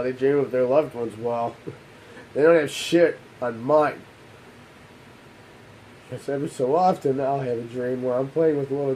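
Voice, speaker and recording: A young adult man, a channel host, telling a painful personal story in a halting, restarting way, his voice often dropping low and quiet as he holds back tears. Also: a little hiss or hum, poor audio. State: emotional, holding back tears.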